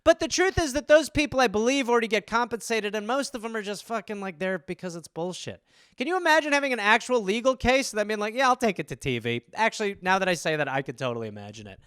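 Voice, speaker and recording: A man's voice: high voice, sing-song, fast talker, fairly bright tone, clear, resonant tone, no room sound, clean studio sound. A man hosting a comedy podcast, riffing casually in a rambling way full of "like" and restarts, swearing freely.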